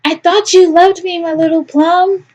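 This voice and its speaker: A woman's voice: extremely high pitch, steady tone, a little slow, darkish tone, highs cut off, pitched above the performer's own voice. A sickly sweet, smothering mother, voiced by a woman reading a game aloud who coos pet names in a voice lifted well above the reader's own. Her doting tone barely hides the control underneath. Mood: sweetly controlling. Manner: coaxing, calls him baby and pet names.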